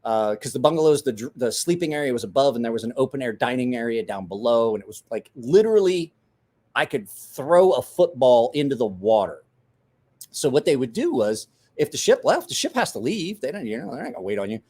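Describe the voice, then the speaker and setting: Animated man telling a rowdy story. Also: medium pitch, brisk. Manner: animated, swearing, laughing, acts out quoted voices. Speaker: podcast host. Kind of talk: casual storytelling.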